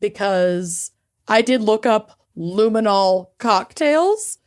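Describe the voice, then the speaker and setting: A woman's voice: mid-range voice, animated, takes it slowly. A woman, co-hosting a podcast in bubbly, joking casual chat. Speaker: podcast co-host.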